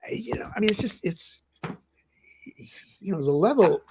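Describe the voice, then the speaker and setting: A man's voice: high-pitched, animated, normal speed, a little mellow, a little hiss or hum. An older man, a journalism professor, telling rambling anecdotes in an interview, full of "I mean" and "you know.". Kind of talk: anecdotal conversation.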